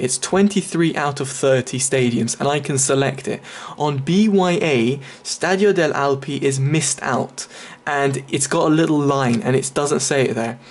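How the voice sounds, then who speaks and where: A man giving casual, chatty commentary over a game walkthrough, explaining each step with many fillers. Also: fairly high pitch. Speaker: gaming video creator.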